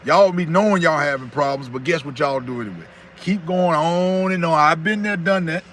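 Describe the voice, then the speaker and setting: A man's voice: a little high, moderate pace, a bit bright, slight background noise. A man in his thirties giving folksy motivational talk on his own channel, repeating his points and greeting viewers by name. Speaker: YouTuber hosting a live stream.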